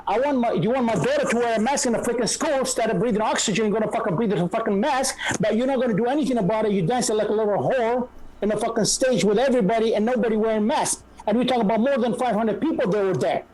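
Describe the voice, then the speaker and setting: A man's voice: very high voice, rough recording. A man from Sicily with a Sicilian Italian accent, a guest speaking bluntly and profanely over a video call. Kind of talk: casual political chat.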